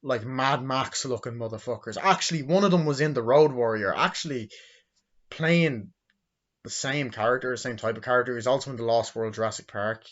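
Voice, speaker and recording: A young man in his twenties giving a rambling, profane movie review, acting out quotes in silly high voices. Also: moderate pace, a bit bright, highs cut off. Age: 20s.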